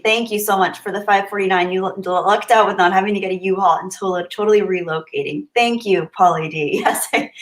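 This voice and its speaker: A woman's voice: medium pitch, echoey room. A young woman live-streaming, reading viewer comments aloud and thanking them, sometimes getting emotional. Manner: warm, grateful, softly emotional.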